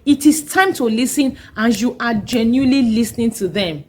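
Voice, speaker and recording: An earnest woman host of a parenting podcast, speaking in a slightly raised pitch. She teaches with emphasis and repeats her key advice to drive it home. Her delivery stays steady and instructive. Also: normal speed, a little hiss or hum, poor audio. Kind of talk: instructional talk.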